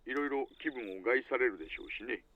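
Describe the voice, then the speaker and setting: A man's voice: mid-range voice, very fast, close to an everyday voice. A man voicing a polite, roundabout middle-aged male police detective in video game dialogue. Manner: courteous and roundabout. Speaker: police detective calling on the phone. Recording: tinny phone-like sound with faint hiss.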